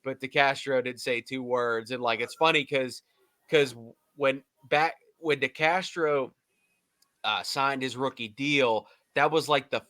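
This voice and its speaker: Man, bright and forceful tone, dry close sound, animated storyteller, laughing often. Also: mid-range voice, dry recording. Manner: animated, laughing, quick to do impressions. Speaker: podcast co-host, former team staffer. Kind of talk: casual podcast storytelling.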